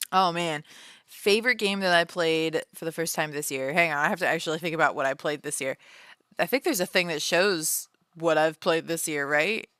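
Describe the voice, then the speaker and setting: A young adult woman chatting casually to her livestream viewers from home, animated, laughing often and talking with many fillers. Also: deep voice, moderate pace, smooth, dry recording, studio quality. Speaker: livestream host and author.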